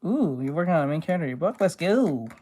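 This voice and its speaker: A man with a naturally high-pitched voice, streaming and chatting casually, loose and full of fillers and swearing. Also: very animated, fast talker, dark tone. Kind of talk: casual live-stream chat.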